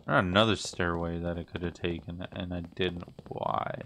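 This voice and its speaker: A man's voice: sits low, steady tone, moderate pace, vocal fry, a bit bright, slight background noise. A man in his twenties muttering uneasy reactions as he plays through a game and comments on it. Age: 20s. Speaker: gaming YouTuber. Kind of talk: gameplay commentary.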